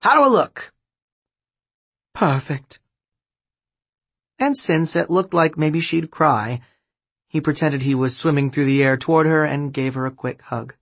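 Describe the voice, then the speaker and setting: A man narrates an audiobook in an even, gently expressive reading. His voice is husky. The recording is close and dry. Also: on the high side, normal speed, no room sound. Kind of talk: scripted narration.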